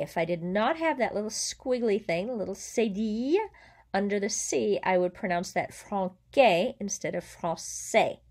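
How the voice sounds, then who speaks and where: A woman teaching a language lesson, explaining clearly and carefully and slowing down on example words. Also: mid-range voice. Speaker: French teacher.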